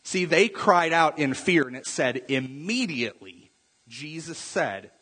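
A man preaching a sermon, animated and conversational, asking his congregation questions and dropping to quiet intensity on key points. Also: fairly high pitch, measured pace, slightly rough. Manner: asks the congregation direct questions. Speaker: pastor. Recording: long hall reverb.

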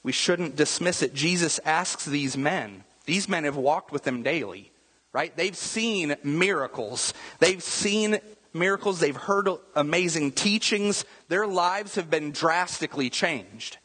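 A man's voice: on the high side, unhurried, fairly bright tone, breathy edge, big-room sound, low-quality recording. A man preaching a sermon, talking in a conversational way and often checking in with the listeners by asking "right?". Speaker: pastor.

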